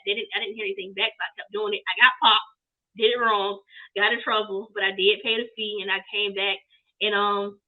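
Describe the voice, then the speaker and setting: A young woman, a business owner, telling her story casually and lively in an interview. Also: medium pitch. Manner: lively storytelling, acts out quoted people. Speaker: guest, apparel business owner. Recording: tinny phone-line sound.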